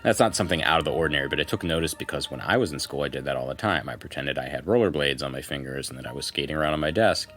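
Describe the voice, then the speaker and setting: A man's voice: extremely low pitch, very fast, hardly any pauses, a bit bright, soft background music. A man co-hosting a podcast, reading a forum post aloud as a first-person story, with casual conversational asides. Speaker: podcast co-host.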